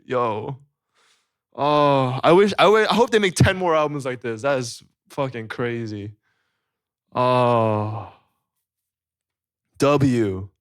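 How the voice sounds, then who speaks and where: A man hosting a live stream, reacting to an album with excited, profane, joking chatter. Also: fairly high pitch, clean tone. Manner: excitable, profane, joking, rapid rating talk. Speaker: livestream host reacting to an album.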